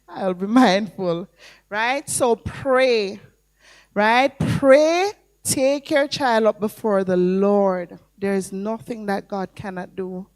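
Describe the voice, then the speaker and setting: A Jamaican woman in her thirties giving an emotional church workshop testimony, swinging from hushed, confiding lines to loud, preacherly declarations. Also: mid-range voice, slow. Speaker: workshop speaker.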